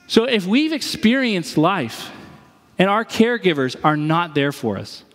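A man's voice: high-pitched, very animated, a little slow, fairly bright tone, in a large hall. A man preaching a sermon as pastor, conversational, and he acts out the voices he quotes.

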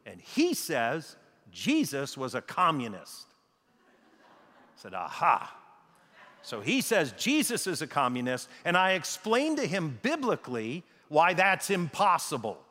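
A middle-aged American man preaching a sermon as a pastor, emphatic, slowing down and repeating key phrases. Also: on the high side, huge pitch swings, sharp tone. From United States. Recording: reverberant hall.

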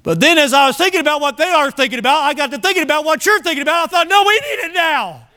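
High-voiced preaching man. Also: very fast, sharp tone. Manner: emphatic preaching with rhetorical questions. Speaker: pastor. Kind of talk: sermon. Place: church sanctuary.

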